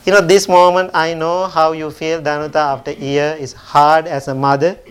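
A man gives a gentle sermon, telling a parable to grieving parents. His voice sits slightly high, and his phrasing is simple and unhurried. He speaks as a temple meditation teacher. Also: level tone, smooth.

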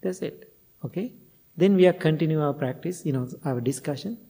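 A man's voice: fairly high pitch, brisk, creaky, dark tone. A male Buddhist monk giving a dharma talk, telling stories in non-native phrasing and chuckling often. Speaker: Buddhist monk and meditation teacher. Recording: long hall reverb.

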